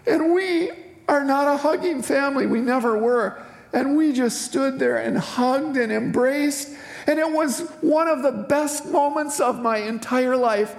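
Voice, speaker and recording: An older speaker from eastern Wisconsin giving a personal testimony sermon in a church sanctuary, telling the story in a heartfelt, unhurried way with emotional swells. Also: medium pitch, big pitch swings, vocal fry. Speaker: guest speaker at a church service. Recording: echoey hall with faint music.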